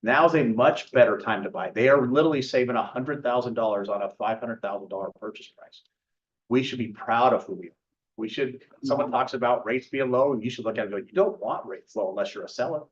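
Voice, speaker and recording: A man's voice: medium pitch, fast, a little hiss or hum. A man, a loan officer, giving a blunt, brash sales talk to a meeting and telling stories. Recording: muffled lo-fi sound.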